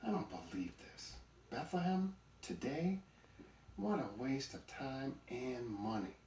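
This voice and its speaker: A man's voice: lowish voice, expressive, normal speed, a little mellow, slight background noise, lightly acted. A man voicing a grumpy, greedy male donkey in a storybook, grumbling and sarcastic. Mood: irritated. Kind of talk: storybook character voice. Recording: roomy recording, mic at a distance.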